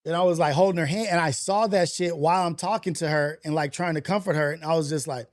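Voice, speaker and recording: A man's voice: a little high, fairly even intonation, quick pace, hardly any pauses. A man hosting a casual livestream, telling a story in loose slang full of fillers and restarts. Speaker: livestream host. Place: home setup for a portrait livestream.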